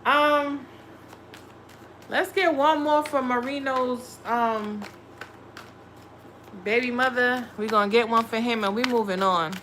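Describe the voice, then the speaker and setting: Bright, blunt, cursing tarot reader woman. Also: fairly high pitch, slow pace, pauses often, slight background noise. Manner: blunt, profane, scolding. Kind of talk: live tarot reading stream.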